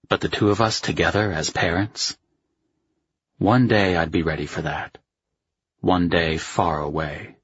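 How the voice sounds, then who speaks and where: Slow, husky male audiobook narrator. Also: fairly bright tone, dry recording, dull audio. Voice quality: very husky, low. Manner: measured, slow, acts dialogue with raised pitch. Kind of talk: scripted first-person narration.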